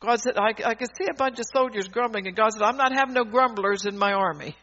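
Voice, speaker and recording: A woman's voice: fairly high pitch, fast, a bit bright. A woman preacher giving a fervent, emphatic sermon, often laughing mid-sentence and restarting her sentences. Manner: rambling with frequent restarts. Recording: dull lo-fi recording.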